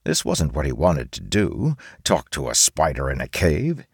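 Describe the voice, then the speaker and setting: A man narrating an audiobook in an expressive storytelling manner, recorded close on a studio mic. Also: rumbling low, unhurried, creaky, husky, no echo. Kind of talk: scripted narration.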